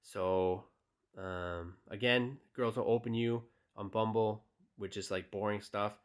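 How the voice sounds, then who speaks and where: A young man speaks slowly and smoothly, his pitch fairly low, as he coaches on dating. The casual tutorial has him reading text messages aloud, and his manner is relaxed and direct with many fillers.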